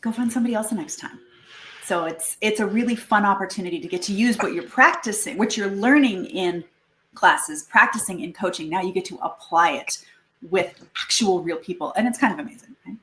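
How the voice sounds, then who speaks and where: A woman giving a casual presentation to a networking group about her language school, lively and chatty, acting out little quoted exchanges. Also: mid-range voice, a little fast. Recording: echoey room.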